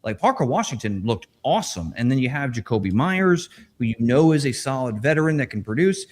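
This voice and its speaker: A man co-hosting a fantasy football podcast, animated as he breaks down players and jokes with his co-host. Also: mid-range voice, fairly quick. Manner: animated analyst, jokes and laughs. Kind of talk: casual podcast chat.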